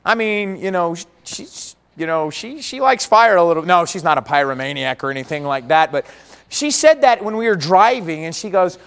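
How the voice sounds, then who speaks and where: Earnest preacher in a reverberant hall. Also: male voice, sits high, normal speed, fairly bright tone, clear, resonant tone. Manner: earnest, rises and falls dramatically. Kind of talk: sermon.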